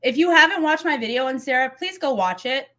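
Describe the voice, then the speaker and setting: A woman's voice: sits high, expressive, fairly quick, sharp tone. A woman hosting a reaction commentary video, heated and blunt, swearing freely as she talks back to a clip. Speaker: commentary YouTuber.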